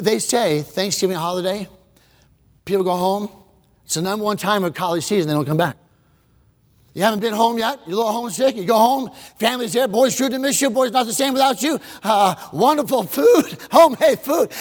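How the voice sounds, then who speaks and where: A man preaching a sermon, telling a story dramatically and questioning the congregation, swinging from shouts to hushed words. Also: high voice, a little fast. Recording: preacher in a large hall with long reverb.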